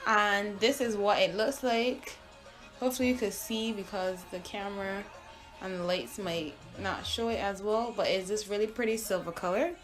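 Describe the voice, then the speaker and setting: In a mid-range voice at normal speed, a young Barbadian woman with a partly American accent walks through a makeup tutorial. This beauty vlogger's chat is easygoing and peppered with fillers, and soft music sits in the background.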